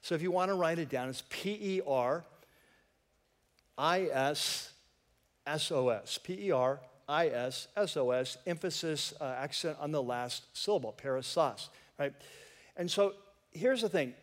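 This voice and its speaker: A man's voice: fairly high pitch, a little slow. Male pastor, casual conversational sermon, lightly joking, church sanctuary echo. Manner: conversational, joking asides to the congregation. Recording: long reverb of a church hall.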